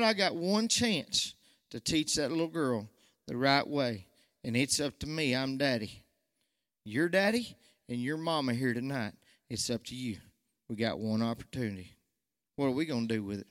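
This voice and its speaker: A nervous man with a medium-pitched voice and moderate pace offers a testimony that becomes fervent preaching. His Southern country speech swells to shouts, with long reverb filling the church sanctuary.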